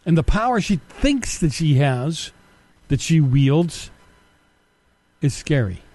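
A middle-aged man delivers a combative political monologue, peppered with sarcastic rhetorical questions. His voice sits a little high yet mellow, and it rises and falls in lively swings. The sound is dry and close, with no room around it. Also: slow pace, dry recording. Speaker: political commentary host. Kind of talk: opinionated monologue.

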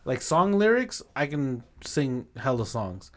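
A man's voice: medium pitch, big pitch swings, unhurried, a bit bright. A man chatting casually on a podcast, laid-back and slangy with plenty of swearing. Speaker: podcast co-host. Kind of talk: casual chat.

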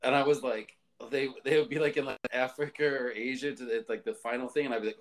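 A man's voice: medium pitch, steady tone, fast. A man co-hosting a podcast, rambling casually with joking asides. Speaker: podcast co-host. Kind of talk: casual chat.

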